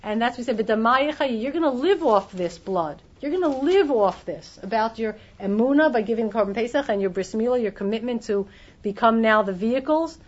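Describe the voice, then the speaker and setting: A woman teaching a Torah class, her voice sitting a bit high. She explains step by step and often restarts her sentences. The recording is dull and lo-fi. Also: lively intonation, brisk. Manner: explanatory, many restarts, acts out quoted voices.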